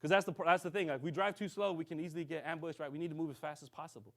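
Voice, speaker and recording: Male minister, quick speech, high voice, storytelling sermon, acts out quotes. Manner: lively storytelling, acts out quoted dialogue, keeps checking in with the congregation.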